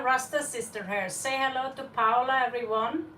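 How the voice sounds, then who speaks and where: A woman's voice: high-pitched, fairly even intonation, normal speed, few pauses, sharp tone, recorded from a distance, slight background noise. Giggly woman tarot reader, echoey room. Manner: giggly, laughs often. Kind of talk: live-stream chat.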